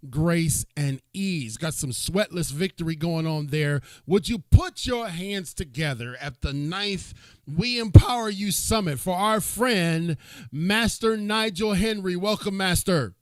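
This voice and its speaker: A man's voice: high voice, unhurried, no room sound. A man hosting an online summit. He introduces the guest and leads the audience in a call-and-response, in a deferential, upbeat way. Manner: deferential, upbeat, says yes sir. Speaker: summit host.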